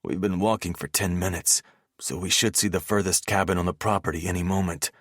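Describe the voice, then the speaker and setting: A man narrating a first-person romance audiobook in a steady, measured reading voice on a close mic. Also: deep voice, no echo.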